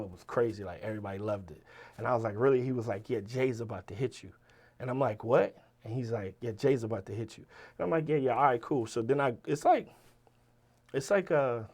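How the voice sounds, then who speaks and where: Animated, profane storytelling man. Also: mid-range voice. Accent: Virginia. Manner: animated, profane, quotes people in lively voices. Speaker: interview guest, rapper and writer. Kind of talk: casual storytelling.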